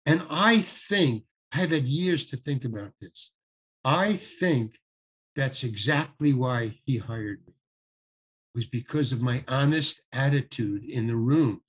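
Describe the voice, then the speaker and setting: A man's voice: medium pitch, husky. An older man, a guest actor, telling a story in a podcast interview, acting out the people he quotes and stumbling over restarts. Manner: animated anecdote with acted-out quotes, halting restarts.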